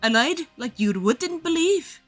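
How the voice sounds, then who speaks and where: Reading game dialogue aloud, a woman voices a scrappy, defensive young street girl with a put-on Cockney accent, high and pushy with clipped street slang. Her intonation is lively, her pace measured, and the mood confessing, with faint music behind.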